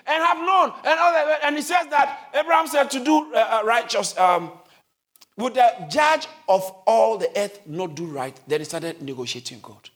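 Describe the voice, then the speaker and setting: A man preaches a sermon in an extremely high-pitched voice, frequently shouting and calling for the congregation to respond. Listeners can be heard in the church.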